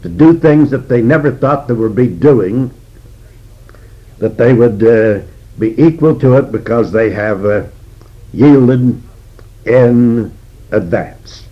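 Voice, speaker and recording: An older man preaching an expository sermon as a Bible teacher, slow and deliberate with frequent pauses. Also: medium pitch. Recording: dull lo-fi recording.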